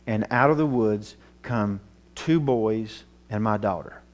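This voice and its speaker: A man telling a personal story in a sermon, earnest and emotional, his voice dropping low at the tense moments. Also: slow. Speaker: Bible teacher.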